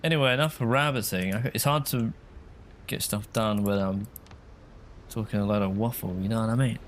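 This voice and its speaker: A man's voice: fairly low pitch, normal speed, slight background noise. A man chatting casually while he streams a game, rambling and answering viewers' comments. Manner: chatty, rambling, reads chat aloud.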